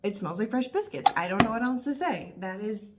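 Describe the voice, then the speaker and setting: A woman in her thirties talking casually and warmly about candles, gushing and chatty with lots of fillers. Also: medium pitch, expressive, a little fast, heavy background noise. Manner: gushing, emotional, talkative with frequent fillers. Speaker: candle reviewer. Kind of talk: casual review vlog.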